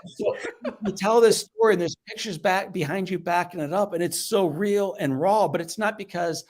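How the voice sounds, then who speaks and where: A man from the American Midwest, a guest speaker, telling a personal story in an animated way that swings between loud outbursts and hushed tones. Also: high voice, moderate pace.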